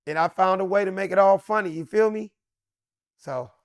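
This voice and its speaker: Comedian guy in his middle years spinning a wild story, kinda high voice, loud jumpy bits, dry sound. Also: normal speed, dry recording. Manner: excitable, swings to loud high bursts. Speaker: comedian guest. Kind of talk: animated storytelling.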